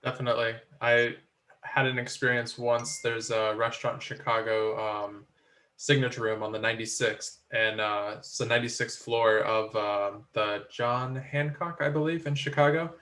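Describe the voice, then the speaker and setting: Flat, bright-voiced man. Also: medium pitch, normal speed. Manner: hesitant, asks questions. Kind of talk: casual chat.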